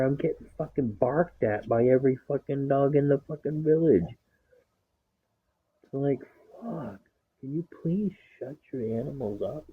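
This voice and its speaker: Over a tinny, phone-like recording, a man with a husky, mid-range voice rambles casually about his dog. He swears constantly and acts out the things he says to it, telling the story in a loose, profane way.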